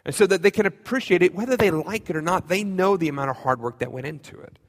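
A man's voice: high voice, fast. A man preaching a conversational sermon as pastor, mixing in self-deprecating humor. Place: church sanctuary. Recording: long reverb of a church hall.

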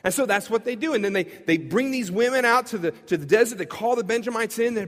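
A man preaching, casually retelling a story in a lively, conversational way. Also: high voice, quick pace, few pauses. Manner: lively, conversational, acts out quotes. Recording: long hall reverb.

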